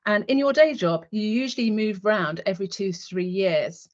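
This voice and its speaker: A woman's voice: medium pitch, expressive, normal speed. A woman in her fifties, a retired military nurse, telling a vivid story in the second person as a guest speaker in an online webinar. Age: 50s. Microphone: video call. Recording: dull lo-fi online call audio.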